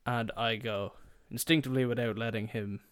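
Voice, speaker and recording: A man's voice: mid-range voice, steady tone, a little fast, a bit bright, clean tone, no room sound. Man telling a rambling story in a dry room. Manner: swearing, rambling, quoting family members. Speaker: podcast host. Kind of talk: casual storytelling monologue.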